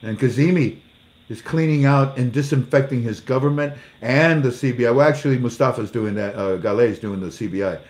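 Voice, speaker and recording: A man at a middle pitch reads out news articles and answers each one with sarcastic asides. He plays out little mock dialogues and laughs at his own jokes. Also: brisk, darkish tone. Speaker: commentator reading news articles. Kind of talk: casual commentary.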